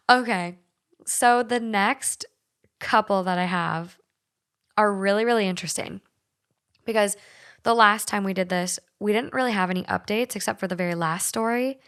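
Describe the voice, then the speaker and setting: A woman's voice: medium pitch, normal speed, pauses often, a bit bright, clean tone. A young woman with a light Minnesotan accent hosting a podcast, chatting casually, swearing freely and reading listener stories aloud. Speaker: podcast host.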